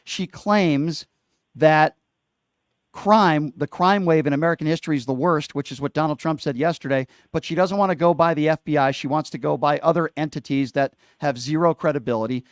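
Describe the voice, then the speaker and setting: Call-in radio host, male, forceful opinions, slightly high pitch, close and dry. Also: brisk, dry recording. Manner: emphatic, opinionated, talks over callers. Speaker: radio talk show host.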